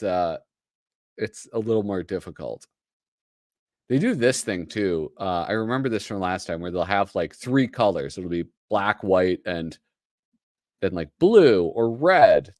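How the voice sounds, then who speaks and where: A man hosting a casual livestream from his home setup, talking in a rambling, self-deprecating way while flipping through comics. His voice sits low but moves a lot in pitch, and the sound is dry and close. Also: a little mellow, no room sound. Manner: rambling, self-deprecating, lots of fillers and laughs. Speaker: host.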